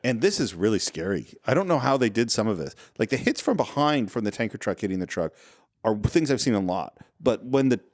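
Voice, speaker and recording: A man's voice: lowish voice, very animated, fairly quick. A man co-hosting a casual film podcast from a living room, recapping movie scenes in detail and chuckling often. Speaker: podcast co-host.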